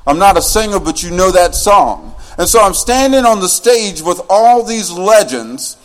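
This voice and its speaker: A man's voice: sits high, animated, moderate pace, poor audio. A man from West Virginia, a spoken word poet, delivering his poems live on stage with a rhythmic, rhyming, swaggering flow. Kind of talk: spoken word poetry performance.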